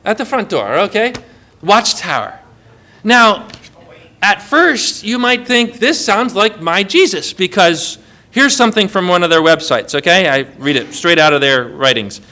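High, bright-voiced male preacher. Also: measured pace. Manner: lively, emphatic, asks the audience questions. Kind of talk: sermon.

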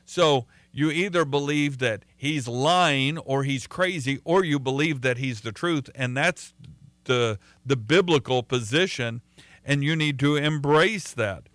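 A man's voice: mid-range voice, unhurried, fairly bright tone, no room sound. A man preaching a sermon in a conversational way, often repeating words and using fillers as he tells a story.

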